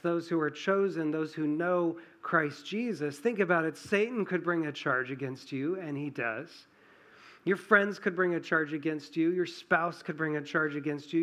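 Pastor guy with a highish voice giving an earnest sermon, gets loud then goes quiet. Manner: earnest preaching, rising for emphasis, dropping low and soft.

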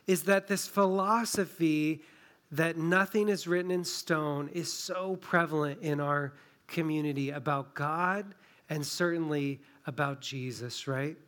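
A pastor preaching a sermon in a conversational, emphatic way, walking through a scripture passage with a story and a local example. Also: male voice, a little high, unhurried, a bit bright. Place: church in a small town.

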